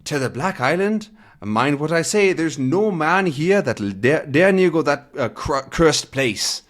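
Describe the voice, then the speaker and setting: A man's voice: fairly high pitch, animated, unhurried, voice pushed up. A man voicing frightened Scottish boatmen with a Scottish accent, refusing in alarm. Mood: grim.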